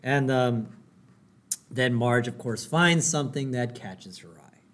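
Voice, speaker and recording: A man's voice: mid-range voice, unhurried, fairly bright tone. A man co-hosting a podcast, casually recapping a cartoon episode and often checking in with "right?". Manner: chatty, often asks "right?". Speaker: podcast co-host.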